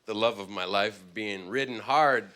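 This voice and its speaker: A man doing a stand-up routine on a club stage, telling a story with swings from low mumbles to loud bursts. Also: moderate pace. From Canada. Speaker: stand-up comedian. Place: comedy club stage with laughing audience.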